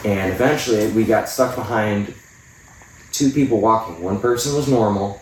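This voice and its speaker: A man's voice: on the low side, moderate pace. A man telling blunt, profane stories as a podcast co-host in casual chat. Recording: echoey room, distant mic.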